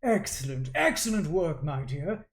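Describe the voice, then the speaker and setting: A woman's voice: low-pitched, big pitch swings, unhurried, full character voice. A woman voicing a cold, scheming male artificer lord who talks down to his daughter. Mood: smooth. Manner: dismissive, condescending.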